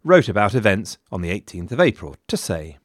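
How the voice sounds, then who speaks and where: A man delivers scripted history narration, full of dry wit and sarcastic asides. His intonation is lively and animated, and the recording is dry and close-miked. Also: lowish voice, a little fast, dry recording. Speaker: history podcast host.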